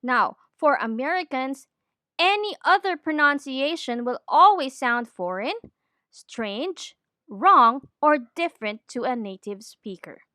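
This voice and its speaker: A woman giving a scripted lesson on training, in a clear, deliberate teaching manner. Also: sits high, lively intonation, pushed and bright, no room sound, clean studio sound. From Philippines. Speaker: accent trainer.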